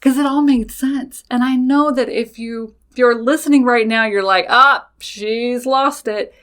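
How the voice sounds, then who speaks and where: Animated, swearing woman telling her story. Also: fairly high pitch, moderate pace. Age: adult with children. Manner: animated, swears freely, talks straight to listeners. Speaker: podcast host. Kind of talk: casual personal storytelling.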